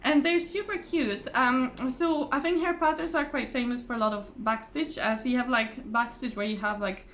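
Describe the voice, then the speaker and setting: A chatty woman with a somewhat high voice talks casually to camera in a relaxed, rambling way, full of fillers and little restarts. Her voice sounds a little tired, and a faint hiss sits under the recording. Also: normal speed, few pauses. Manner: laughs often. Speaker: craft vlogger. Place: home, at a table. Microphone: phone or camera on the table.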